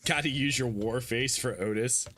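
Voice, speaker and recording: Bright-voiced joking gaming host. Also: male voice, medium pitch, moderate pace, soft background music. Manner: joking, crude, laughs often. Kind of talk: casual game commentary with a co-host.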